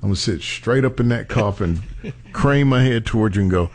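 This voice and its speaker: A man hosting a radio show, bantering and joking and laughing easily with callers. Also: medium pitch. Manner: joking, animated, quick to laugh.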